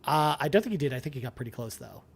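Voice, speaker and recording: A man co-hosting a gaming podcast in casual chat, animated and trailing off at phrase ends. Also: medium pitch, rapid-fire, creaky, slightly rough. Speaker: podcast co-host.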